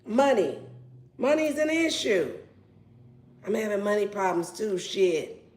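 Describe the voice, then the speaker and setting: A woman's voice: mid-range voice, very animated, a little slow, darkish tone. A woman giving a casual tarot reading in a brash, playful and profane way. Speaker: tarot reader. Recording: roomy echo.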